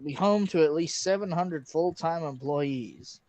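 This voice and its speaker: A man's voice: on the high side, unhurried, crowd noise. A man co-hosting a casual chat podcast, blunt and exasperated, swearing freely. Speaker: podcast co-host.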